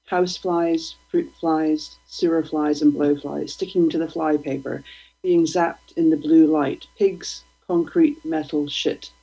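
A woman, a guest poet, reading her poems aloud in a slow, deliberate, provocative way. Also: low voice, fairly even intonation, creaky, mellow, husky. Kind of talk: poetry reading. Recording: dull lo-fi radio stream.

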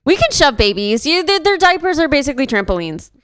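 A young woman in her twenties doing a rambling, deadpan stand-up set on a club stage mic. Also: sits high, fast. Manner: deadpan, rambling, self-deprecating. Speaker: stand-up comedian.

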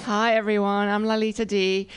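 A woman's voice: mid-range voice, level tone, normal speed, over loud music. A woman in her fifties from the Netherlands with a Dutch accent, performing a dry, self-deprecating stand-up set at a live comedy venue.

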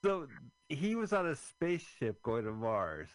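Male host, sarcastic movie riffing, lively pitch, dry close sound. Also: unhurried, no echo, low-quality recording. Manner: sarcastic, joking. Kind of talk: casual movie commentary.

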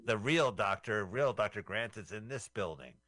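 A man's voice: on the low side, animated, moderate pace, sharp tone, no room sound. A man hosting a radio show, casually commenting on a film he is watching, full of puns and swearing. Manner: jokey, punning, swears freely.

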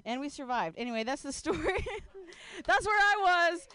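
A woman's voice: very high voice, big pitch swings, normal speed, pushed and bright. A woman telling a rambling stand-up story, laughing often and filling her talk with "like". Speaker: stand-up comedian.

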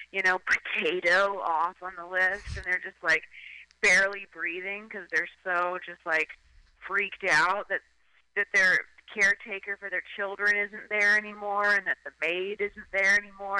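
A woman's voice: medium pitch, sharp tone, clear, resonant tone, no echo. A woman calling in to a radio show, talking in a rambling, casual way with lots of "like" and acted-out voices. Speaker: phone-in guest. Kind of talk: casual chat. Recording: tinny phone line.

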